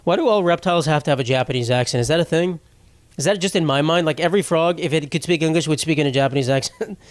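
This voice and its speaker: A man's voice: fairly high pitch, quick pace, no echo. A young man hosting a podcast alone, rambling through stories in a casual, profane comedic monologue. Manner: rambling, profane, self-interrupting. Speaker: podcast host.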